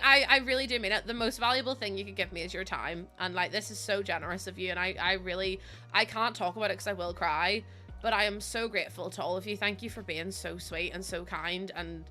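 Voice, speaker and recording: A woman's voice: mid-range voice, steady tone, fairly quick, pushed and bright, faint music behind. A young woman from Northern Ireland with a Northern Irish accent, streaming live and chatting with her viewers while she plays. She giggles and gushes, close to tears with gratitude.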